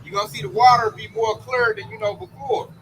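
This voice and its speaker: A man's voice: high-pitched, steady tone, a little fast, a bit bright, a little hiss or hum, low-quality recording. A man preaching an informal sermon in a fervent, slangy, emphatic way. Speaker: street preacher.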